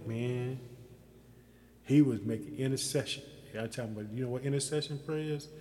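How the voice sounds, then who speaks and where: A man of middle pitch preaches with fervent emphasis, moving between scripture readings and relaxed, folksy commentary. His voice rings out with a long, echoing reverb, as if he were in a large hall. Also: a little fast. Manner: reads scripture aloud then comments in loose, folksy asides. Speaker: Bible teacher. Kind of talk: informal sermon with scripture reading. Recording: echoey room with long reverb.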